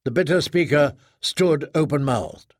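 A man narrating an audiobook in a measured, even storytelling manner. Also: a little high, dry recording, studio quality.

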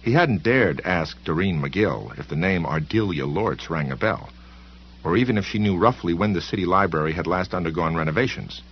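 Deep husky-voiced male narrator. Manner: measured, expressive reading with voiced characters. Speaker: audiobook narrator. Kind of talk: scripted narration. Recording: dull lo-fi recording.

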